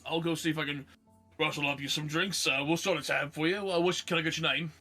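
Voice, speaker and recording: A weary tiefling barkeep with a fairly high, bright voice, put on by a man running the game. He talks in a casual, shrugging way. Music plays faintly behind him. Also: steady tone, fast talker. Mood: offhand. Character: weary male tiefling tavern keeper.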